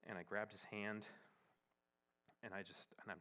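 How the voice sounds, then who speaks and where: Bright-voiced man telling a sermon story. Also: on the low side, level tone. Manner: halting, many fillers, shifts from playful to hushed and tearful. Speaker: pastor.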